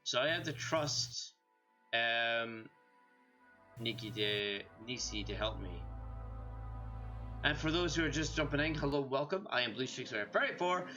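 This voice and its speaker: A man's voice: medium pitch, expressive, a little slow, pauses often, music in the background. A man with a Scottish accent streaming a game, tipsy from drinking, talking in a rambling, self-deprecating way. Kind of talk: casual gaming stream chat.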